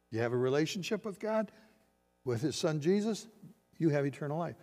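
An older man preaching a sermon as pastor, swinging from loud emphatic lines to quiet hushed ones. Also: fairly high pitch, animated, brisk, faint music behind. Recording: long hall reverb.

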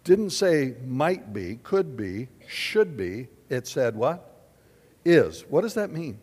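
A man preaching a sermon in an auditorium, drawing answers from the audience and swinging from loud declarations to hushed questions. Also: medium pitch, slow pace, slightly rough, in a large hall. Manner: animated, questioning the audience, big swings in loudness. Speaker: pastor.

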